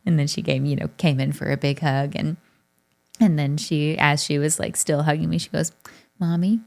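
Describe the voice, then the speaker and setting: A woman's voice: low voice, flat delivery, normal speed, vocal fry, darkish tone. A woman in her thirties co-hosting a parenting talk show, telling a family story in a chatty way with frequent laughs. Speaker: podcast co-host. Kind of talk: casual chat.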